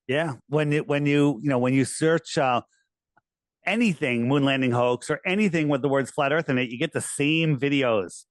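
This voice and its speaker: A man in a casual interview who talks in an animated, persuasive way and often restarts his sentences. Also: medium pitch, normal speed, no room sound. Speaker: interviewee, flat-earth promoter.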